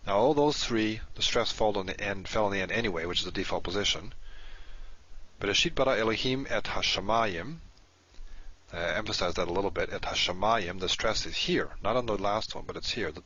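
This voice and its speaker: A man's voice: on the low side, a bit bright, breathy edge. A man teaching from a recorded lesson, methodical and patient, repeating terms as he points them out. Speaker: Hebrew teacher in recorded module. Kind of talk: explanatory teaching with screen annotation. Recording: dull lo-fi audio.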